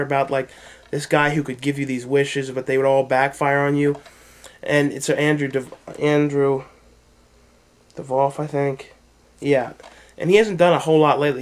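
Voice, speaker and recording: A man casually reviewing his horror DVD collection, rambling with lots of filler words. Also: on the high side. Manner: rambling, heavy use of "like" and "you know".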